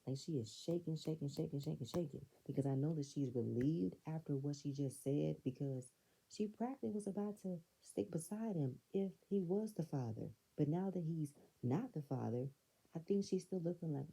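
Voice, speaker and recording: Husky low-voiced woman reviewing TV. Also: lively intonation, normal speed, mellow, rough recording. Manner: chatty and opinionated, with frequent "like" and "you know". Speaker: reality TV reviewer, channel host. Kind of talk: casual commentary vlog.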